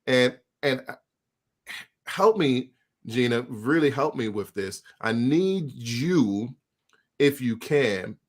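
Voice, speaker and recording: Male co-host, earnest interviewer. Stumbling starts, gentle pleading tone; medium voice. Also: mid-range voice, lively intonation, takes it slowly. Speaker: podcast co-host.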